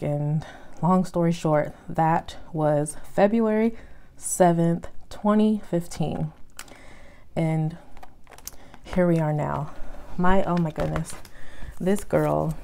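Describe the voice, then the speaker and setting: A woman vlogging casually about her plants and her rescue dog, chatty and emotional, sometimes stretching her words out slowly. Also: low-pitched, warm tone, smooth. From Texas. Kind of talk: casual chat to camera.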